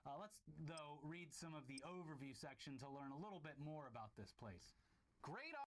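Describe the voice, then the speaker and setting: A man's voice: a little high, big pitch swings, moderate pace. A man hosting a commentary video, wryly and mock-cheerfully walking through a rundown house listing. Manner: wry, mock-upbeat. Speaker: video host. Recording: clip played under loud noise.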